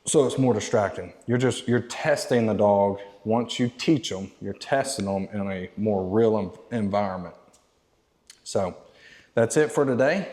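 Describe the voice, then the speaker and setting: A man working as a dog trainer, explaining steps plainly and giving short, quiet commands to a dog indoors. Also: on the low side, a little slow, long reverb tail. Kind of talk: instructional training demo.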